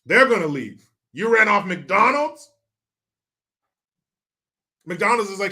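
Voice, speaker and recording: A man's voice: sits high, big pitch swings, takes it slowly, long pauses, sharp tone. A man hosting his own show, ranting through sarcastic, profane political commentary full of mockery. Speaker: show host.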